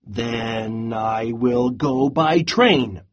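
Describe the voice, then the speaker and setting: Anxious storybook pig voiced by a reader, unhurried, husky tone. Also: mid-range voice, faint music behind, pitched below the performer's own voice. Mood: eager. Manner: slow, deliberate storybook delivery. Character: anxious pig planning a trip. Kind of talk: storybook read-aloud.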